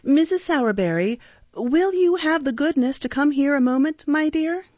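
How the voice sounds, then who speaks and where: A woman's voice: high-pitched, expressive, normal speed, a little mellow, no echo, voice pushed up. A woman voicing a meek, deferential undertaker who talks in a raised, mild voice. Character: meek deferential middle-aged male undertaker. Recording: dull, dry recording.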